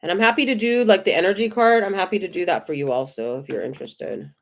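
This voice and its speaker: A woman with an American accent giving tarot readings on a live stream, gentle, effusive and reassuring. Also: medium pitch, fast. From United States. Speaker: tarot reader.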